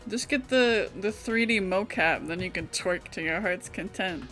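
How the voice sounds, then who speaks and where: A woman's voice: mid-range voice, normal speed, a bit bright, faint music behind. A woman casually chatting and rambling while she streams a game, with plenty of fillers. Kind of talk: casual gaming commentary.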